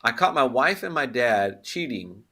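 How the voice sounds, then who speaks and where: A man on a comedy panel, telling a rambling joke and reacting to headlines in an animated, laughing way. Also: mid-range voice, measured pace. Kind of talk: casual comedic panel chat.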